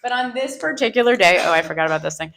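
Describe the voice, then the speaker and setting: A woman telling a self-mocking personal story live on stage into a microphone, animated and often laughing through her lines. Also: medium pitch, very fast, creaky, slight background noise, poor audio. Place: live stage before an audience.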